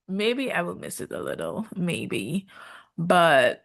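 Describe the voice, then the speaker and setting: A woman's voice: on the low side, wildly swooping pitch, slow, gravelly, fairly bright tone. A woman, reviewing a reality show in casual commentary, sassy and sarcastic, slipping into mocking quoted voices.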